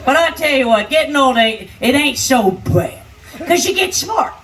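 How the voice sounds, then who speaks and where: An older woman doing raunchy live stand-up comedy, brash and crude, shouting her punchlines. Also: high-pitched, animated, moderate pace. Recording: live stage sound, distant, crowd noise. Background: noisy party crowd.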